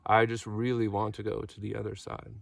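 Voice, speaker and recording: A man voicing a smooth-talking scorpion that pleads and insists, heard from a distant microphone. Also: on the low side, completely flat delivery, a little fast, no room sound. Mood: coaxing. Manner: coaxing, insistent.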